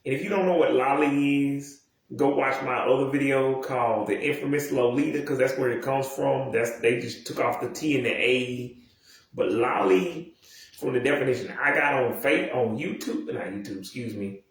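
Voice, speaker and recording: A man's voice: mid-range voice, normal speed. A man in his thirties rambling casually and profanely, with many restarts and asides. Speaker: video commentator. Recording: very echoey room, mic far off.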